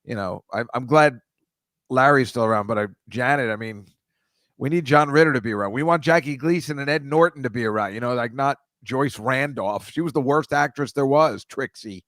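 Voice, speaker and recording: A rambling older man over sixty-five, telling self-deprecating stories in an easy, casual way. His voice is mid-pitched and sounds dry and close, with no room around it. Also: a little fast, fairly bright tone, dry recording. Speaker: podcast co-host. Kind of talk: casual chat.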